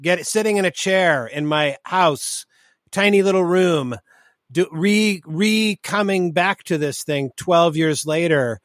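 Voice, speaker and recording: A man's voice: high voice, slow pace, no room sound. Hesitant man asking questions, dry sound. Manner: hesitant, stammering, supportive. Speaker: interviewer. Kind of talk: interview questions.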